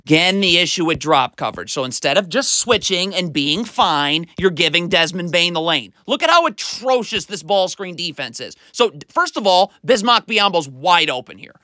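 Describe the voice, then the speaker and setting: A man's voice: sits high, animated, normal speed, hardly any pauses, bright, forceful tone, no room sound. A man breaking down basketball game film as a commentator, exasperated and critical, explaining defense like a coach.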